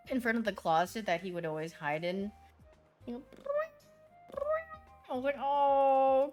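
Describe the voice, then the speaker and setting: A young woman streamer in casual chat with viewers, telling stories in a chatty, animated way and putting on voices for the people in them. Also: medium pitch.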